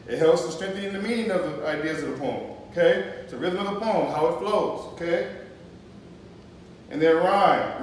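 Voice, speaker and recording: Male teacher running a poetry lesson; high voice, patient explaining, frequent "okay?" check-ins, recorded from across a very echoey classroom. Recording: echoey classroom, mic far off, faint noise.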